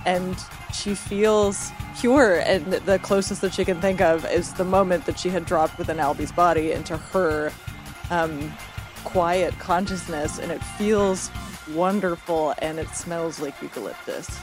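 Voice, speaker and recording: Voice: medium pitch, steady tone, unhurried. A player in a tabletop game, narrating their character in a reflective, descriptive way. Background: music.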